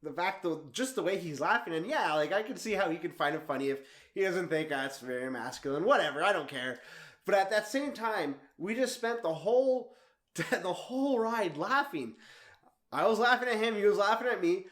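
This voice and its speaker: A young man in his twenties telling a travel story in a vlog, animated and laughing often as he talks. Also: high-pitched, moderate pace, roomy sound. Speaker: travel vlogger.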